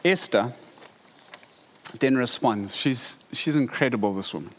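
A man preaching a sermon, emphatic and animated, with rhetorical questions to the congregation. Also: mid-range voice, unhurried, long reverb tail. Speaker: pastor.

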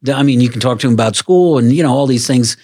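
An older man in casual chat, telling stories and dropping to a quiet voice when he quotes others. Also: medium pitch, fast, husky.

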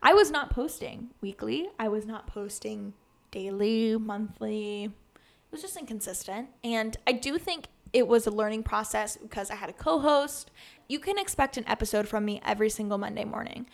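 A woman's voice: a little high, moderate pace, gravelly. A woman in her twenties hosting her own podcast, talking in an earnest, chatty way with lots of "like" and restarts. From USA. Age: 20s. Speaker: podcast host. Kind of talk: casual solo podcast talk.

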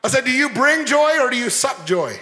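A man preaching a lively sermon as pastor, joking and mimicking people as he talks. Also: very high-pitched, brisk. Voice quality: animated, playful, mimics people. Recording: long hall reverb.

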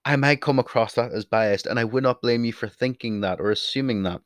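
A young man from Ireland rambles casually in a vlog, chatty and blunt, swearing and wandering off topic. He speaks at medium pitch and fairly quickly into a desk mic, sometimes turning away from it, in a dry recording.

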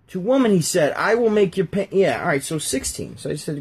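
Reading scripture on a casual podcast, a man jokes about the Bible verses while flipping through pages. His high voice is very animated and fairly quick, with few pauses and a breathy edge.

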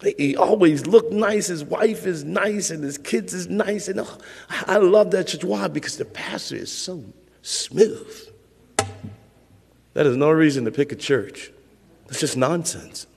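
Male pastor, sermon, conversational, repeats points for emphasis, church hall reverb, rough fry in the voice. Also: fairly high pitch, expressive, moderate pace, darkish tone. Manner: conversational preaching with emphatic repetition.

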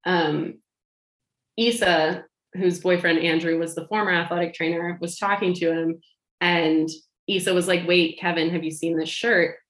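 A woman telling a long personal anecdote in casual chat, animated, laughing and acting out what others said. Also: on the low side, moderate pace. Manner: animated, laughing, acts out quoted lines. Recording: roomy echo.

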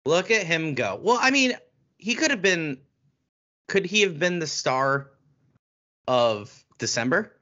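A man's voice: fairly high pitch, sing-song, slow, pauses often, pushed and bright, lo-fi sound. A man co-hosting a podcast, chatting casually about sports with playful, teasing banter. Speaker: podcast co-host.

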